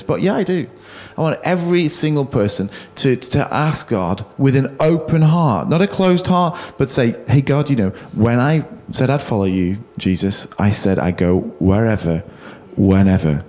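A man's voice: mid-range voice, animated, normal speed, a little mellow. A man preaching as a pastor, earnest and urging, often repeating words as he builds each point. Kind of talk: sermon appeal to a congregation.

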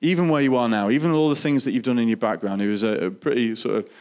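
A man sharing a personal faith testimony, earnest and halting, with frequent restarts. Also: medium pitch, darkish tone. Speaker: Christian speaker sharing testimony.

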